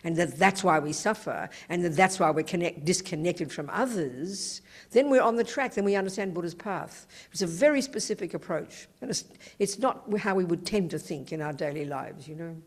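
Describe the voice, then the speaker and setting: A woman's voice: fairly low pitch, moderate pace. Emphatic woman giving a Buddhist talk. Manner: emphatic and conversational, frequent "you know". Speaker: Buddhist teacher. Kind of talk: dharma talk to an audience. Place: teaching hall.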